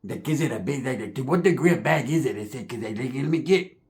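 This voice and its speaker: A man's voice: mid-range voice, fast talker. A man telling a comedic story in slangy street talk, acting out the people in it. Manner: slangy, animated, acts out other characters' voices.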